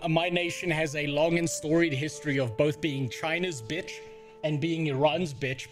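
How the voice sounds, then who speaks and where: A man from Africa, livestreaming and ranting in casual, profane, exasperated talk. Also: a little high. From South Africa.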